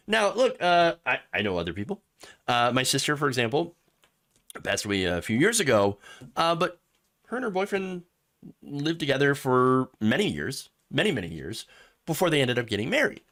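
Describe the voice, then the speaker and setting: A man from Michigan hosting casual political commentary, talking in a sarcastic, animated way with frequent chuckles. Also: mid-range voice, moderate pace, pauses often.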